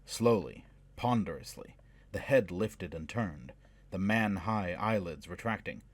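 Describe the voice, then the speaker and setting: A man reading a fantasy novel aloud in measured, dramatic scripted narration. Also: low voice, animated, no echo. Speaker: audiobook narrator.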